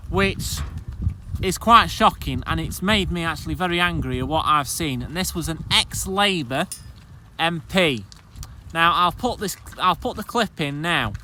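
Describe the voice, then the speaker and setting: A man's voice: on the high side, animated, unhurried, sharp tone, a little hiss or hum, rough recording. A man from the UK, a farmer vlogger, ranting bluntly to camera and repeating himself as he gets frustrated. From United Kingdom. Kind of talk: casual talking-to-camera rant.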